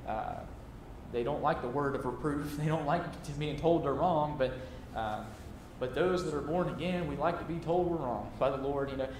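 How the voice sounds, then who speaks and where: A man's voice: a little high, normal speed, a little mellow, a little hiss or hum. A man preaching a sermon in a folksy, chuckling way, with many fillers and restarts. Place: church sanctuary. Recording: echoey church room.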